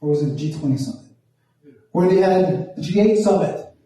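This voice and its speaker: A man from Toronto telling a profane, animated stand-up story, acting out the voices in quotes. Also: fairly high pitch, brisk. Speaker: stand-up comedian. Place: small performance room. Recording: echoey room from far off.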